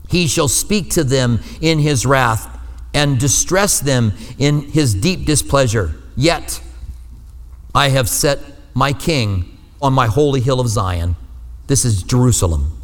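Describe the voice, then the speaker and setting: A man's voice: medium pitch, expressive, slow pace, in a large hall. A male pastor giving a sermon in a conversational style, with joking asides between scripture readings. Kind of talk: expository sermon on radio.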